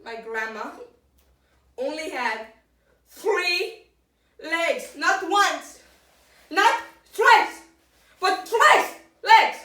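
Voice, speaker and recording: A boastful talk-show guest, as a woman puts him on, speaks in a high voice at an unhurried, drawn-out pace. The put-on rambles deadpan through absurd tales. It sounds caught from across an echoey room, well away from the mic. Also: far from the mic, heavily acted. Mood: rambling deadpan. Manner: rambling, deadpan, breaks into giggles. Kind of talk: improvised comedy sketch.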